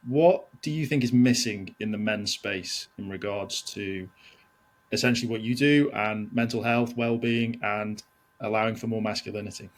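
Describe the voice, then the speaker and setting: Thoughtful male podcast host. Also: on the low side. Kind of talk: conversational interview hosting.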